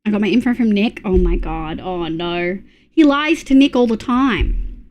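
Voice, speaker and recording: A woman with an Australian accent chatting casually with her live-stream audience, reading chat messages and making quick asides. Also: medium pitch, lively intonation, darkish tone.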